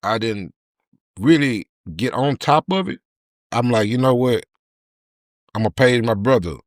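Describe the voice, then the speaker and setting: A man's voice: medium pitch, measured pace, no echo, studio quality. A middle-aged man, telling his story in an interview and acting out the voices of people in it. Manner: animated retelling, acts out quoted voices. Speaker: podcast guest.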